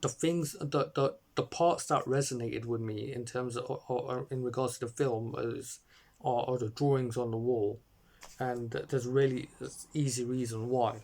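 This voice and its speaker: A man's voice: mid-range voice, fairly even intonation, moderate pace, a little mellow. A man reviewing a short film in a casual, rambling way, full of fillers and restarts, talking into a phone or webcam. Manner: hesitant, many fillers and restarts.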